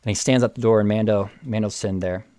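A man casually retelling a TV episode with excitement, often restarting and repeating words. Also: on the low side, quick pace, clean tone. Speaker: show recap host.

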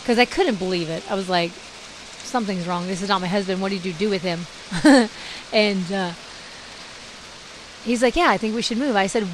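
A woman in her forties telling her life story in a casual podcast monologue, talking in lively bursts and acting out the dialogue she quotes, with many fillers. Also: mid-range voice, moderate pace, low-quality recording. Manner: animated, acts out quoted dialogue, frequent fillers. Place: indoors during heavy rain. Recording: faint hiss and rain noise.

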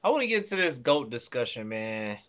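A man's voice: medium pitch, sing-song, fairly quick, fairly bright tone. Podcast co-host, man, emphatic questioning delivery, casual profanity. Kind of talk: casual chat.

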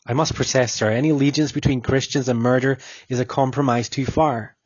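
A man voicing a calm, defiant young Christian man held in prison, speaking in a quiet, resolute way. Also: medium pitch, fairly quick, husky, no echo, lo-fi sound, natural voice.

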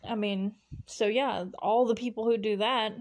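This young solo podcaster goes over a TV episode in a loose, giggly way, restarting sentences and leaning on fillers. She speaks at an ordinary pace in a higher, darkish voice with fairly even intonation.

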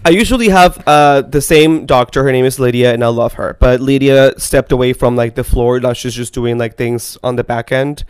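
A man's voice: mid-range voice, normal speed, hardly any pauses, clean tone, no echo. A man co-hosting a podcast in casual chat, with a congested sinus-affected voice, playful and teasing. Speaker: podcast co-host.

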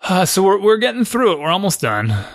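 A man's voice: sits high, big pitch swings, dry recording. Rambling storytelling man, dry sound. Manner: rambling storyteller, quick laughs. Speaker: podcast co-host. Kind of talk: casual chat.

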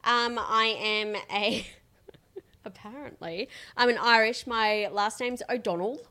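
A woman's voice: a little high, slow pace, pushed and bright. Playful woman co-host. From Australia. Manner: playful, asks the audience. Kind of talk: casual chat.

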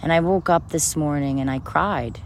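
A woman's voice: sits low, normal speed, slight background noise. A woman speaking about faith and forgiveness in an emphatic, personal, preaching manner. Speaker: spiritual speaker. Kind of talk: spiritual talk to camera.

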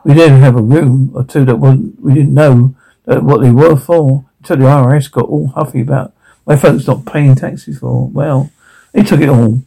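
A man voicing a chatty young woman, an aspiring actress, rambling and self-deprecating as he reads a TV episode aloud. His own gravelly low register stays under the part. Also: fairly even intonation, moderate pace, mellow, rough recording. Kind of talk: reading a TV episode aloud in character.

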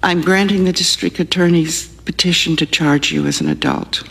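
An actress playing a stern juvenile-court judge in a TV drama, speaking in measured, severe pronouncements. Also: female voice, on the low side, steady tone, creaky, a bit bright, slight background noise.

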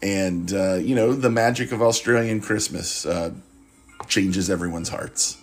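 A man rambles through a sarcastic movie review as a podcast host. His voice sits a bit low and has a husky grain. He swears casually and trails off into asides. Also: measured pace. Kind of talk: casual comic monologue.

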